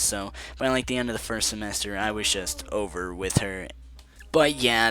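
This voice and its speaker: A man's voice: medium pitch, bright, forceful tone. A young man telling a casual storytime vlog in a sarcastic, joking way, with bursts of cursing. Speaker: vlogger.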